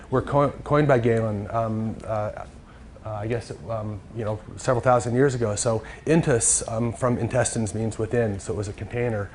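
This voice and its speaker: A man giving a lecture from slides, halting and full of fillers and restarts. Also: medium pitch, a little mellow, slight background noise.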